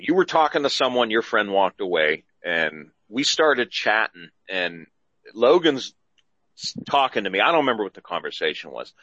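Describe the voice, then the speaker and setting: A man's voice: on the low side, bright, forceful tone, no room sound, highs cut off. A man hosting a casual podcast, rambling and repeating himself as he goes. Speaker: podcast host.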